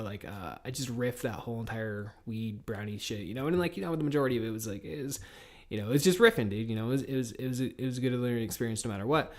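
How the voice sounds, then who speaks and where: Rambling, swearing man in his thirties. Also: medium pitch. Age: 30s. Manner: rambling, profane, animated. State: tired and a little high. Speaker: podcast host. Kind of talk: casual monologue.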